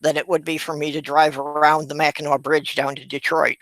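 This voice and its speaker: High-voiced man. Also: level tone, brisk, a bit bright, no echo. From Upper Peninsula of Michigan. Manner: plain-spoken, matter-of-fact. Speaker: guest.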